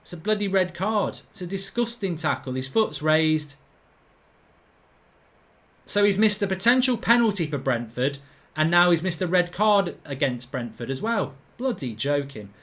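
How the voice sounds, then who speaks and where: A man's voice: a little high, big pitch swings, moderate pace, a bit bright. A middle-aged man from England hosting a live football watchalong, reading viewer comments and bluntly ranting about the referee in colloquial talk.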